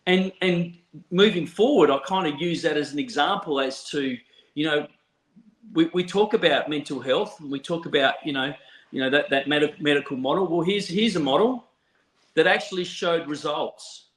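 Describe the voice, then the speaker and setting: A man with an Australian accent telling a story from his counselling work in a relaxed chat, laughing often and restarting sentences. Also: on the high side, normal speed. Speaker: counsellor, podcast guest. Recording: roomy echo.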